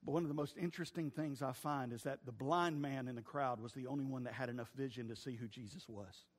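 A pastor preaching a sermon, swinging between loud shouting and hushed, quiet moments. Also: male voice, medium pitch, fast, husky, in a large hall.

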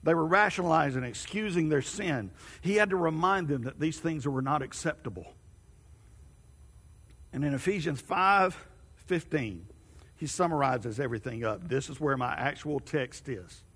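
A middle-aged man delivers a sermon, moving from homey family stories to emphatic teaching. His voice sits somewhat high for a man. The sound carries a long reverb, like a large church hall. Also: lively intonation, normal speed, fairly bright tone, slightly rough. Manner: storytelling, rising to emphatic preaching. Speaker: pastor.

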